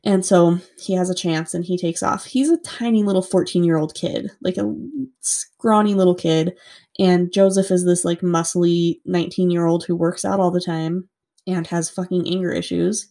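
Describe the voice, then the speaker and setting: A woman's voice: on the low side, fairly even intonation, moderate pace, dark tone. A woman casually recounting a true-crime story to a co-host, chatty with lots of "like" and free swearing.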